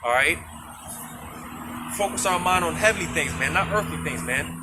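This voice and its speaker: Street preacher, man with a high voice, loose casual delivery full of "man", traffic roaring behind. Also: lively intonation, moderate pace. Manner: peppers talk with "man" and "you know"; reads scripture aloud in King James wording. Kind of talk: outdoor street sermon. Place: outdoors on a street. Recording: street noise and passing vehicles.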